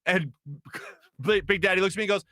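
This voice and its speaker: A man hosting a sports talk show in a studio, telling a story in a lively way and laughing as he acts out what people said. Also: high-pitched, a little fast, no echo. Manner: animated, laughing as he acts out quotes. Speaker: host. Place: radio studio.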